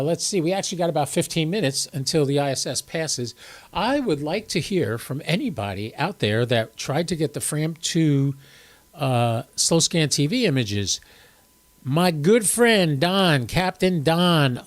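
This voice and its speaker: A man with a fairly high speaking voice hosts a live stream. He chats casually and jokes at his own expense. His talk is loose and conversational, with many fillers. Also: animated, measured pace. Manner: chatty, joking, self-deprecating. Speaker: host of amateur radio live stream.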